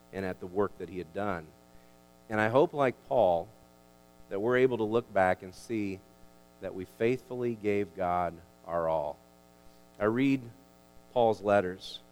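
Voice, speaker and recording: A man preaching a sermon as a pastor, emphatic and animated, often restarting his words. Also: on the low side. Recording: long hall reverb.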